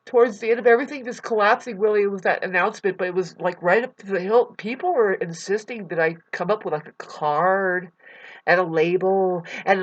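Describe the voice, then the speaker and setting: A woman vlogging about a hard time, rambling and halting, often repeating words, close to tears. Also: mid-range voice. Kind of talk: emotional personal vlog. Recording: dull lo-fi recording.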